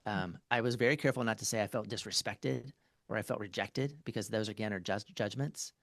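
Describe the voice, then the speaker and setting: A man's voice: on the low side, fairly quick, gravelly, a bit bright, dry recording. A man, a marriage therapist, talking as a podcast guest in a loose, conversational way, full of fillers and restarts as he walks through an example. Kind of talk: casual interview conversation.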